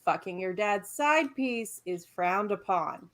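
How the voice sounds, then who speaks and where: A woman on a casual online panel discussion, blunt and irreverent, tossing out quick quips over a video call. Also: mid-range voice, expressive, a bit bright. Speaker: panel guest.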